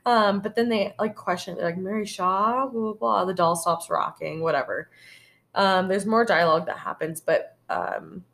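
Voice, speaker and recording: A woman's voice: fairly low pitch, moderate pace, gravelly, fairly bright tone. A woman co-hosting a podcast, recapping a film in a rambling, casual way, full of "like" and the odd swear word. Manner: rambling storyteller, heavy on "like" and swearing. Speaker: podcast co-host.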